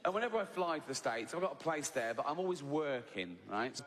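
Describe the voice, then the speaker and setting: A man's voice: on the high side, big pitch swings, fairly quick, big-room sound, very noisy. A man doing a stand-up routine, chatty and sweary, tagging his lines with "right?". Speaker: stand-up comedian. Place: live venue with audience.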